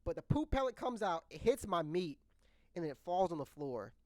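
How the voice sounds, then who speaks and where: A man in his twenties telling a personal story in a casual, animated way, laughing often, stumbling and restarting, swearing freely and talking straight to his viewers. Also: sits high, fairly quick, no room sound, clean studio sound.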